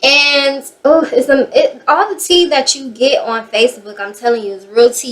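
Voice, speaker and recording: A young woman from the Bay Area telling a personal story in a casual, animated way, swearing freely. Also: high voice, moderate pace, hardly any pauses. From San Francisco Bay Area. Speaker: vlogger.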